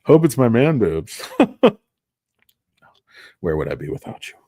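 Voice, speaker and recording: A man's voice: lowish voice, big pitch swings, measured pace, dark tone, dry recording, studio quality. A man giving casual, rambling stock commentary, jokey and self-deprecating. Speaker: stock market vlogger.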